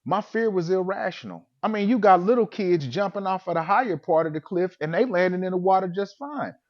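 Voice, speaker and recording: Man with a high voice telling a funny story, plays out his own reactions, dull lo-fi audio. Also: expressive, brisk. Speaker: vlogger telling a personal story. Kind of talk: casual comedic storytelling.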